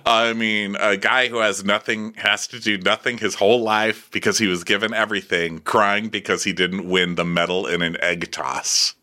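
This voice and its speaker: A man co-hosting a podcast, recapping in an animated, swearing, laughing casual chat. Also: on the low side, normal speed, few pauses. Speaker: podcast co-host.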